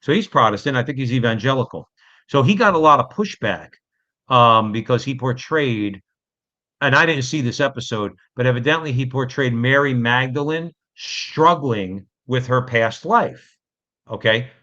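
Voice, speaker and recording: A man's voice: medium pitch, animated, normal speed, sharp tone. A man co-hosting a podcast, explaining points in casual talk and checking in with "okay?". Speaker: podcast co-host. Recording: dull lo-fi podcast audio.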